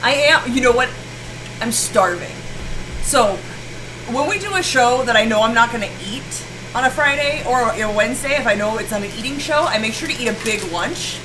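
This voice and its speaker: A woman's voice: on the high side, animated, normal speed, far from the mic. Woman, young adult, playful, teasing, cooking chat, audible background noise. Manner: playful, teasing, laughs often. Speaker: co-host of a cooking show. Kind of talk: casual chat while cooking. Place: home kitchen. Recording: home recording with background noise.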